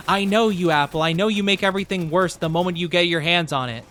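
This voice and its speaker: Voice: mid-range voice, animated, normal speed, a bit bright, a little hiss or hum. A streamer giving casual, chatty commentary while playing a game, often laughing and greeting chat at a desk microphone. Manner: chatty, giggly, talks to chat.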